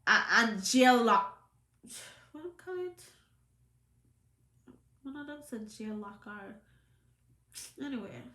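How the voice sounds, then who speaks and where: A woman's voice: fairly high pitch, animated, slow, long pauses, bright, forceful tone, reverberant, slight background noise. A Jamaican woman with a trace of a British accent, giving an emphatic, scolding commentary to camera in patois. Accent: Jamaican, with some British. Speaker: vlogger.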